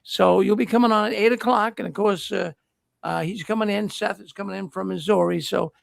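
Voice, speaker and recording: A man's voice: sits high, fairly even intonation, fairly quick, creaky, dry recording. An older man hosting a casual livestream, making folksy, rambling announcements. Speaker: host.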